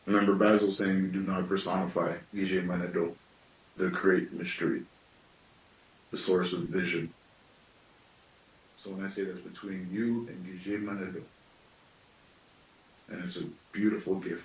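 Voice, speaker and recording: Storyteller, male, late thirties, slightly deep, musing teaching talk, recorded far off in an echoing room. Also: level tone, moderate pace, long pauses, slight background noise. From Canada. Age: late 30s. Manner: thoughtful, with self-questioning asides.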